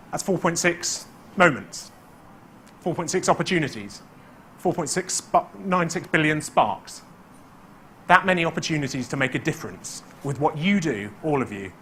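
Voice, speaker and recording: Man, persuasive stage speech, earnest, emphatic, slightly high voice, faint ambience. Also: a bit bright, a little hiss or hum. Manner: earnest, building to emphatic points. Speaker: competition speaker. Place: conference stage before an audience.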